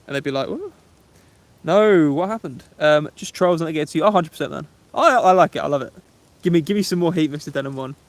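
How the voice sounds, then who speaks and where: A man's voice: fairly high pitch, fast talker, no room sound. A young man, chatting casually on a camping livestream and answering viewers' comments in a laid-back way, calling them mate and bro. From England. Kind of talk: casual live-stream chat reading comments.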